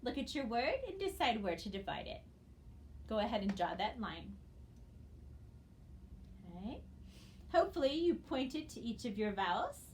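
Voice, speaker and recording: A woman teaching a recorded phonics lesson, speaking patiently and encouragingly and spelling out letters slowly for her students. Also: mid-range voice, slight background noise. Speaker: reading teacher.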